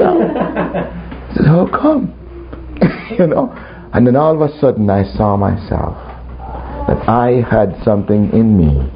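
A male preacher tells his story slowly, his pitch swinging high and low as he chuckles through it and acts out the voices he quotes. The recording is dull and lo-fi, with a faint hum behind him. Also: creaky. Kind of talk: storytelling sermon.

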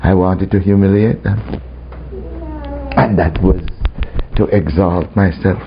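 A man's voice: low-pitched, fairly even intonation, takes it slowly, slight background noise. A man preaching a storytelling sermon who laughs often and acts out the voices he quotes. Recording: dull lo-fi recording, faint background.

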